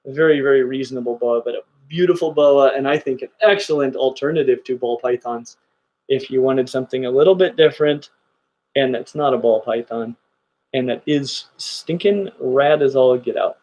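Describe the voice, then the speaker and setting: A man's voice: mid-range voice, moderate pace, a little mellow, muffled recording. A middle-aged man hosting a casual reptile livestream, gushing enthusiastically about his animals. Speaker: reptile channel host.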